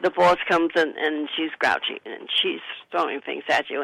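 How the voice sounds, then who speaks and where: Woman guest on talk radio giving calm advice, gravelly voice, dry close sound. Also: sits low, moderate pace, few pauses, no echo, rough recording. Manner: calm, counseling, gives sample phrases to say. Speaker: psychic author, guest.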